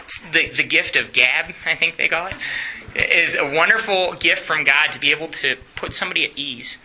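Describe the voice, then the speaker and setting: A man's voice: on the high side, normal speed, sharp tone, a little hiss or hum, low-quality recording. A man teaching a church class in a chatty way, often asking the room questions and laughing.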